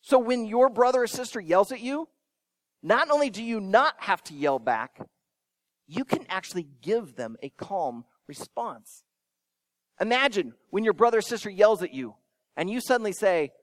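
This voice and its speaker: High, lively-voiced male preacher. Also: moderate pace, no room sound. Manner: expressive, swinging between emphatic and soft; addresses young listeners directly with questions. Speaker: pastor. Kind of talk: sermon.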